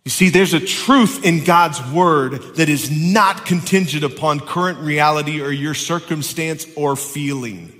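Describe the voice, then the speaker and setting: A man preaching a sermon as pastor, mixing playful teasing asides with slow, emphatic repetition of key lines. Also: a little high, fairly bright tone. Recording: long hall reverb.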